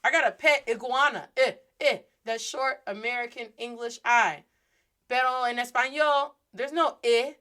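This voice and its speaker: A woman hosting a podcast and giving a playful, animated Spanish lesson, mixing Spanish phrases into her English. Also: fairly high pitch, moderate pace. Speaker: podcast host and Spanish teacher.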